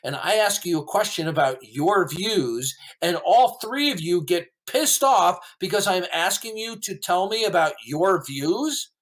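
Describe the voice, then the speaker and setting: A man's voice: high-pitched, expressive, normal speed, few pauses, fairly bright tone. A man arguing combatively on a podcast, indignant and full of rhetorical questions. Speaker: caller recounting a call-in debate. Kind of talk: argumentative podcast talk.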